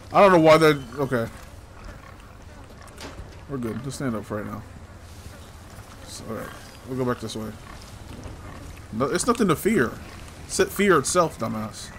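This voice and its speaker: Man, casual gaming commentary, self-talk, teasing, frequent swearing, average pitch. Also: a little hiss or hum. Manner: talks to himself and the game hero, swears often, teasing. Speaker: gameplay streamer.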